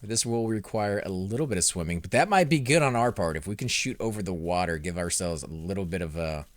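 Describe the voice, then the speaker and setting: Lowish-voiced man commentating a game. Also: brisk, dry recording. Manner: excitable, reacts loudly to in-game fights, talks to chat. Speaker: gaming channel host. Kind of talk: let's play commentary.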